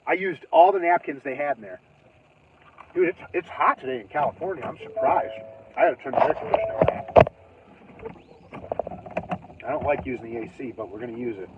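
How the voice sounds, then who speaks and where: A man's voice: mid-range voice, lively intonation, brisk, long pauses, noisy background. A man hosting a livestream who tells a story casually and animatedly, swearing, laughing and acting out his own reactions. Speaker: livestream host. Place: in his car. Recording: tinny phone-like livestream audio.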